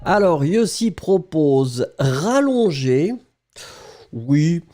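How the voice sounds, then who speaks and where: A man's voice: on the high side, very animated, very slow, warm tone, soft background music. A man with a French accent, a French teacher running a live online lesson, encouraging students and reading out their answers. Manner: encouraging, switches between English and French, reads out students' answers.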